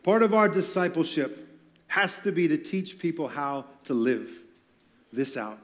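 A man's voice: a little high, animated, measured pace. A man preaching a sermon on stage in a church, talking in a loose, conversational way with joking asides. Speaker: pastor.

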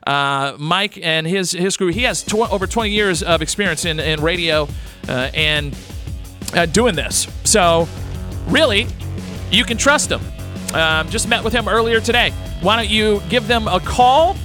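A man's voice: high-pitched, animated, measured pace, pushed and bright, faint music behind. A man hosting a radio talk show, rambling and blunt, with crude words and many fillers.

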